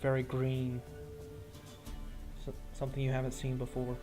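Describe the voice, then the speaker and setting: A young man narrating a tabletop game as dungeon master, halting and searching for words with frequent fillers. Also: mid-range voice, completely flat delivery, over music.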